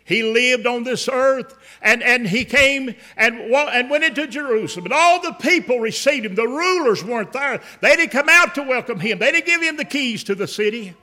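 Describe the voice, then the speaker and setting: A man's voice: extremely high pitch, lively intonation, normal speed, few pauses, bright, forceful tone. A man preaching an emphatic revival sermon, telling stories and repeating words as he builds.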